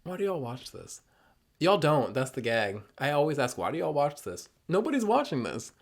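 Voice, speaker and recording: Tipsy streamer rambling with a lively pitch. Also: male voice, moderate pace, vocal fry. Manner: rambling, self-mocking, jokey. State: mildly tipsy; hoarse. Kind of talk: casual gameplay commentary.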